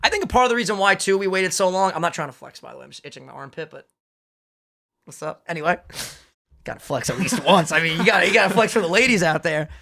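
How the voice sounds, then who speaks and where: Bright hyped young man, podcast co-host. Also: high voice, lively intonation, vocal fry. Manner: hyped, swears a lot, fast banter. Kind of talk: casual podcast chat.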